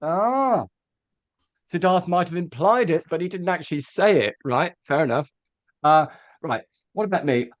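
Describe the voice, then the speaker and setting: Animated man coaching presenters. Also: on the high side, normal speed, dry recording, highs cut off. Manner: animated, demonstrative, with frequent fillers. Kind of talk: live workshop talk.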